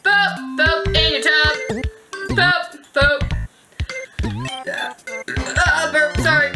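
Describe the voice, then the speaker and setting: A woman's voice: sits high, steady tone, drawn-out words, poor audio. A young woman casually commenting while she plays a video game, giggly and playful, chatting to the characters. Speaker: gaming video host. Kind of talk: casual let's-play commentary. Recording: music playing behind the voice. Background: game music.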